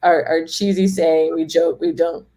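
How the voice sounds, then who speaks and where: A woman's voice: sits low, flat delivery, measured pace, dark tone. A woman guest chatting in an interview, talking freely, laughing often and acting out what people said. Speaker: home organizing guest. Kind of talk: casual interview chat.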